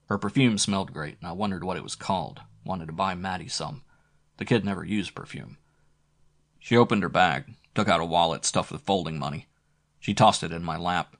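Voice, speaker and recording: Low-voiced male reader, terse noir audiobook narration. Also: brisk, creaky. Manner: terse, clipped. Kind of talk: first-person hardboiled audiobook narration.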